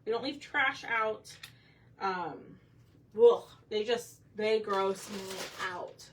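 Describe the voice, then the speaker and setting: A woman's voice: medium pitch, takes it slowly, distant mic. A woman hosting a craft livestream, chatting casually with her viewers while she paints. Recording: voice a bit off-mic with faint room noise.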